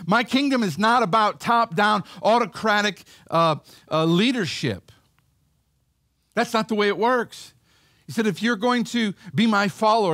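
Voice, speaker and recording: A man's voice: high-pitched, a bit bright, dry recording, studio quality. A male pastor giving a sermon in a conversational way, acting out the voices of the people in a Bible story.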